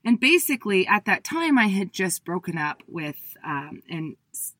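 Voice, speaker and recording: A woman in her thirties giving a talk, telling a personal story with lively acted-out quotes of her past self. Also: moderate pace, no room sound. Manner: animated, acts out her own past voice in high bursts. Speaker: speaker.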